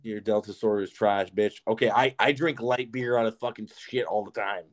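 On the low side and fairly quick, this young man co-hosts a podcast, narrating a story animatedly through casual, profane talk thick with "like."

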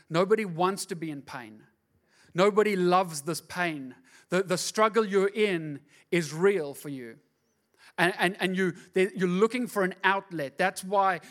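A middle-aged male pastor preaching a sermon, telling the story in a conversational way and building to loud, impassioned preaching. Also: on the high side.

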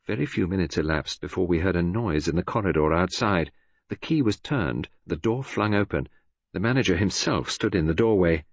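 A male narrator reading a story aloud in a low, slightly husky voice. His delivery is expressive, with pitch moving widely from line to line. The recording is dry and close. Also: moderate pace, no echo. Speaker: audiobook narrator. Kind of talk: scripted narration.

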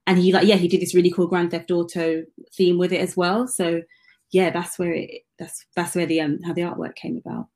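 A woman's voice: fairly low pitch, flat delivery, fairly quick, a little mellow. A woman musician chatting as a guest, laughing often and a little hesitant. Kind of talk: casual chat interview.

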